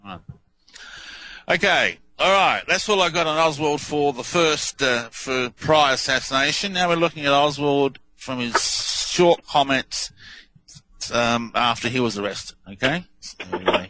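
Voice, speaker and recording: A man speaks as a guest on a talk radio show, briskly steering listeners through the audio clips he plays. His voice is bright and sharp, recorded dry and close. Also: medium pitch, animated, no room sound, poor audio.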